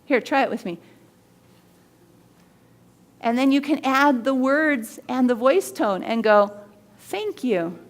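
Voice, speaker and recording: A woman hosting a body language show, teaching in an energetic way and acting out the people in her stories. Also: high voice, takes it slowly, long pauses. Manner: animated storyteller who acts out quoted voices.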